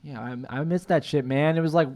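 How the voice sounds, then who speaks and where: A man's voice: on the high side, brisk, noisy background. A young man in his twenties, rambling through a profane, confessional vlog monologue full of "like" fillers. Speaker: vlogger.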